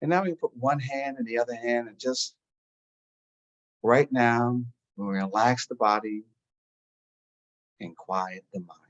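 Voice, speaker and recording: A man guiding a listener through a calm breathing and relaxation meditation, giving slow, soothing instructions. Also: mid-range voice, highs cut off. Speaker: meditation guide. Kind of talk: guided meditation.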